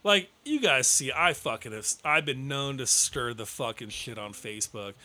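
A man's voice: medium pitch, lively intonation, moderate pace, bright, forceful tone. A man co-hosting a casual podcast chat, ranting with constant swearing. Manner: profane, ranting, heavy swearing. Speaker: podcast co-host.

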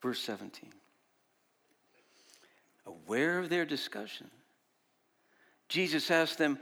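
Animated male preacher, lively pitch. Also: slow pace, gravelly, long pauses. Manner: animated, swings from shouting to quiet asides; acts out disciples' voices. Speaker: pastor. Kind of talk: sermon.

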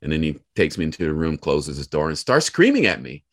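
Deep-voiced man telling a story. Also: fairly quick. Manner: animated, acts out quoted people. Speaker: guest. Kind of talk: casual storytelling.

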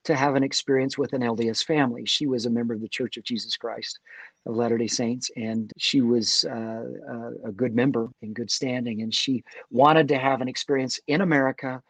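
A man's voice: mid-range voice, fairly even intonation, fairly quick, fairly bright tone, dry recording. A middle-aged man talks earnestly about faith as an interview guest. He stops and restarts his sentences as he thinks, in a mid-range voice. The recording is close and dry. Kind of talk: faith conversation.

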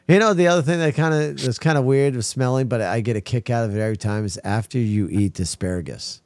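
A man hosting a crude comedy podcast, telling stories loudly with lively put-on quotes. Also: medium pitch, brisk, no room sound. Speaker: podcast host.

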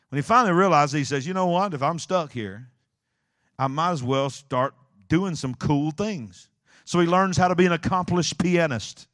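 A male pastor preaching a sermon, telling a story with dramatic swings from hushed to shouting. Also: on the high side, no echo, studio quality. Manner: animated storytelling, acting out scenes, swinging from quiet to shouting.

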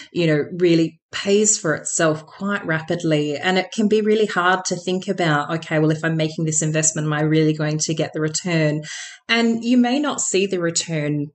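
A woman, a podcast guest answering reflectively with many "um"s and "you know"s. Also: on the low side. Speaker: podcast guest, business owner. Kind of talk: conversational interview answers.

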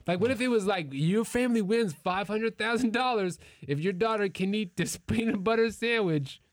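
A man in his thirties holds the floor in a casual group chat, spinning funny stories about his daughter and son. He jumps into raised, excited voices when he plays out family scenes. His voice sits a touch high for a man and sounds dry and close to the mic. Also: normal speed, dry recording. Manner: animated storyteller, acts out family members in raised voices. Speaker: podcast co-host telling stories.

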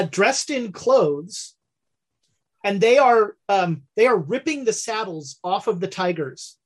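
A woman narrating as game master of a tabletop game, unhurried, with many ums and uhs. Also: medium pitch.

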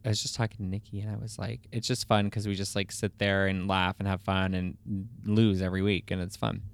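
A man's voice: sits low, flat delivery, fairly quick, vocal fry, clear, resonant tone. A man co-hosting a podcast in casual, rambling chat full of fillers. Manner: rambling, laid-back, lots of fillers. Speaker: podcast co-host.

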